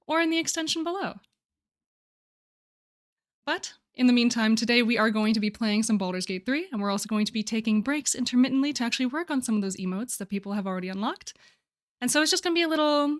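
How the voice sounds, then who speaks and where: A young woman hosting her live stream, chatting casually, bubbly and a little flustered, laughing often. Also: fairly high pitch. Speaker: livestream host.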